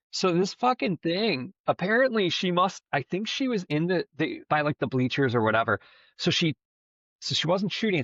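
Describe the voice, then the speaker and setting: Animated, profane male podcast storyteller. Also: mid-range voice, no room sound. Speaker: podcast co-host. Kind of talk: casual storytelling chat. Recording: dull, slightly lo-fi dry sound.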